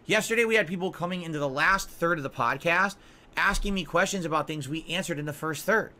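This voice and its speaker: A man's voice: on the high side, quick pace, sharp tone. A man in his forties, a gaming streamer, ranting defensively and scolding his audience on his podcast stream. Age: 40s.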